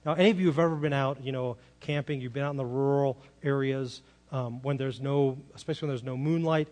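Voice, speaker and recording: A man's voice: mid-range voice, fairly even intonation, fast, hardly any pauses, a little mellow. A man preaching a sermon in a conversational way, asking rhetorical questions and acting out quoted lines. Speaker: pastor.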